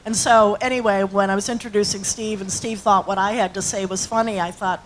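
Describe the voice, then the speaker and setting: A woman's voice: medium pitch, fairly even intonation, a little fast, a little hiss or hum, poor audio. A woman in her sixties, an actress and acting teacher, telling rambling anecdotes to an audience. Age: 60s. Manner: chatty, rambling storyteller with fillers.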